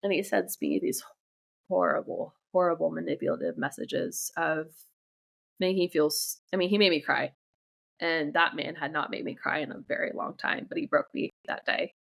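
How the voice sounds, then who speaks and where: A young woman sits for a frank, personal interview, her voice low and edged with vocal fry. She speaks bluntly and swears without a second thought. She keeps breaking off mid-sentence and starting over as she works through her story. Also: fairly bright tone. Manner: candid, blunt, swears freely; halting, restarts sentences often. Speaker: interview guest.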